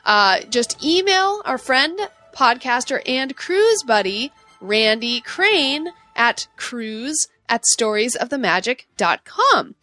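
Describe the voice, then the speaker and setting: A woman co-hosting a podcast in casual chat, bubbly and excitable as she reads out announcements. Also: a little high, slow pace, hardly any pauses, no echo, faint music behind. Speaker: podcast co-host.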